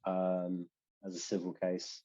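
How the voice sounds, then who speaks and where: A man's voice: low-pitched, monotone, slow, warm tone. A man co-hosting a podcast, talking bluntly and casually, with an offhand, swearing manner. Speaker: podcast co-host. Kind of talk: casual sports chat. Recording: dull lo-fi mic.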